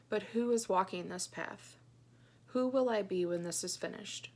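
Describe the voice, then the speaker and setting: Woman, 30s, Christian blogger; slightly low voice, soft and halting, reads her journal earnestly. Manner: soft, hesitant, many ums; earnest and heartfelt. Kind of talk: personal vlog, reading her own journal aloud.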